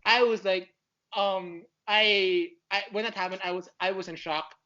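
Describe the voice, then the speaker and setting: Podcast guest, man, gushing fan who rambles fast, on a dull lo-fi mic. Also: high-pitched. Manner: excitable, rambling, fannish. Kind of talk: casual chat.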